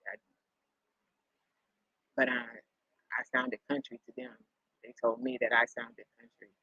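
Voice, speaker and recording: A woman's voice: rumbling low, flat delivery, a little slow, creaky, pushed and bright, breathy edge, no room sound. A middle-aged woman hosting a live stream, chatting casually and rambling through stories with chuckles and repeats. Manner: rambling storyteller, chuckles often, repeats herself. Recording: dull lo-fi sound.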